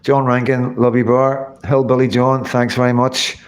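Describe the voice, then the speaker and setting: A man's voice: medium pitch, little pitch movement, normal speed. A tired man, hosting a casual livestream sign-off and thanking viewers by name. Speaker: livestream host.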